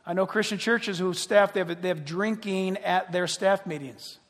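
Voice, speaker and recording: A man preaching a sermon as pastor, animated and joking, acting out the voices of other people. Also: high voice, moderate pace, long reverb tail.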